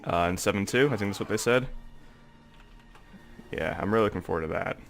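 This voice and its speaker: A young man who makes gaming videos rambles through casual gameplay commentary, full of "like" and "um," in a congested, stuffy voice; he has a sore throat. He speaks briskly in a fairly low, gravelly register, with faint music in the background.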